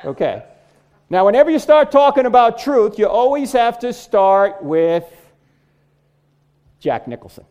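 Middle-aged guy cracking jokes through a lecture, high voice that swings all over the place. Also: sing-song, unhurried, pauses often, darkish tone, highs cut off. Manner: joking, punchline-driven delivery. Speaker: Christian apologetics speaker. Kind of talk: humorous lecture to a live audience.

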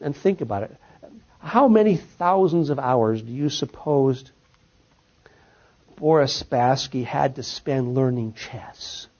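A man with a medium-pitched, slightly mellow, slightly rough voice gives a lecture and takes audience questions. His voice drops at sentence ends and rises on key points, in a dull lo-fi recording.

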